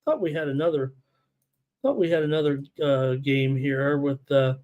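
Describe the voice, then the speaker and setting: A man's voice: medium pitch, normal speed, a little mellow, muffled recording. A man hosting a live sports betting show, reading statistics, viewer chat and lineups with many filler words. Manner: rattles off numbers and lineups, many filler uhs.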